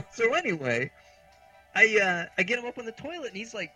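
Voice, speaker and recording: A man's voice: high voice, big pitch swings, a little slow, sharp tone, slightly rough, soft background music, poor audio. A man in his thirties from the United States, a podcast co-host telling rambling, exasperated, self-mocking comic stories. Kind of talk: casual comedic storytelling.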